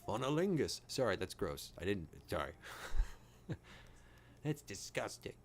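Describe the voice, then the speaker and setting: A man hosting a casual reaction video, giddy, excitable and jokey as he comments on a TV episode. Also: low-pitched, measured pace, slight background noise.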